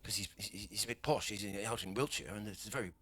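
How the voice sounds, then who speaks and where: A man's voice: on the low side, quick pace, pushed and bright, slightly rough. A middle-aged Australian man with an Australian accent, performing a rambling, swear-heavy stand-up comedy set.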